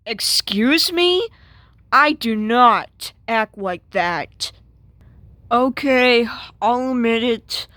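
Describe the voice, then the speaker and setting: A woman's voice: on the high side, lively intonation, drawn-out words, sharp tone, no room sound, exaggerated voice. A woman voicing a clingy, oversensitive male washing machine boyfriend in a comic strip, whiny and possessive.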